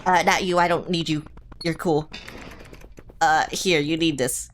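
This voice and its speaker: Low-voiced woman streaming a game. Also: unhurried, a little hiss or hum. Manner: excitable, panicky, swears casually. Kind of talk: live gameplay commentary. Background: game music.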